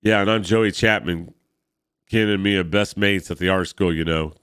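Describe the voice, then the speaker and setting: A man's voice: low-pitched, moderate pace, a bit bright, clean tone, dry recording, clean studio sound. A man reading as a cheeky young working-class student. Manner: cheeky, blunt. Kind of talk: reading a comic aloud.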